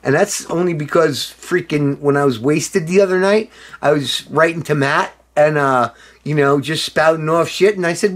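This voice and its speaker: A tipsy middle-aged man rambling excitedly in a casual video monologue, swearing and breaking into loud outbursts. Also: a little high, moderate pace. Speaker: former band member showing a reissued album.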